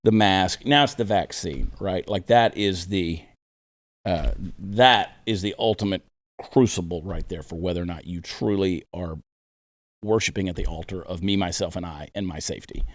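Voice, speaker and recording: A man hosting a casual political talk show, sarcastic and animated, often mocking others in put-on voices. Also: sits low, normal speed.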